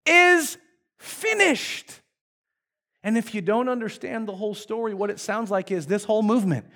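High, animated male pastor preaching. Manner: animated conversational storytelling. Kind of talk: sermon.

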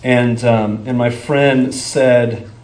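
A man's voice: medium pitch, steady tone, extremely slow, a little mellow. Conversational man preaching in an echoey room. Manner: conversational, searching for words with fillers. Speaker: pastor. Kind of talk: sermon. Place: church sanctuary. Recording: echoey room with faint ambience.

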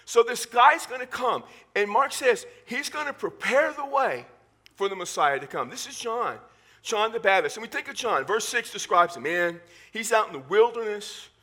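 A male pastor with a Southern Texas accent preaching a sermon in church, animated and full of joking asides. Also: high voice, moderate pace.

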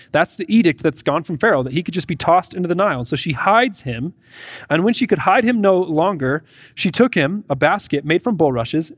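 A pastor preaching a sermon, reading scripture aloud and then explaining it in a conversational way. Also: male voice, on the high side, no echo, clean studio sound.

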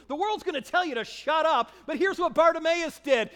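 A man preaching a sermon with passion, swinging between shouted declarations and hushed, drawn-out emphasis. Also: very high-pitched, sing-song, in a large hall.

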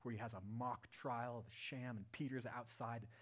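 A male pastor delivers a sermon to his church. He tells the story vividly. His voice climbs loud and high at key points and drops to a hushed murmur at others, from a middle-pitched baseline. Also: steady tone, moderate pace. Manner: retells the story vividly, swinging from loud and raised to hushed and low. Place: church service.

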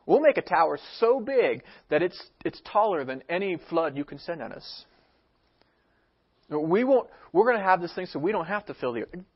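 A man's voice: high voice, big pitch swings, moderate pace, husky. A man preaching a sermon, emphatic, with rhetorical questions and acted-out quotes, heard on a dull lo-fi recording. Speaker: pastor. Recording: dull lo-fi sound.

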